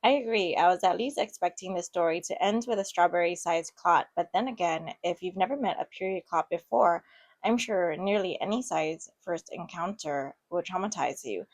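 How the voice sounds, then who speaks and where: A woman's voice: lowish voice, normal speed. A woman casually reading online posts aloud and reacting to them with chatty, giggly asides. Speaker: online story reader and commentator.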